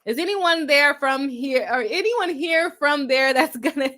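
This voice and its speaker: Young female lawyer-host, chatty livestream reading comments, bright tone, self-deprecating laughs. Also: sits high, measured pace.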